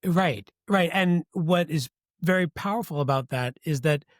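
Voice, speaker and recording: A man hosting a podcast interview, asking questions in a measured, reflective way. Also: fairly high pitch, dry recording, studio quality. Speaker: podcast host.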